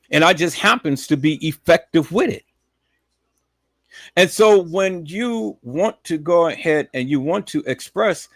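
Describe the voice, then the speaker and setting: A man hosting a live stream, talking in a preachy, repetitive way that swings from low muttering to loud emphatic shouting. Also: dry recording. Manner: preachy, repetitive, addresses viewers as peoples.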